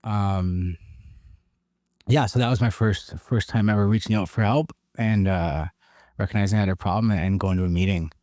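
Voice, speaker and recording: A man from Canada candidly telling his recovery story in an interview, halting and emotionally raw. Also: on the low side, mellow, dry recording, clean studio sound. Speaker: guest sharing recovery story.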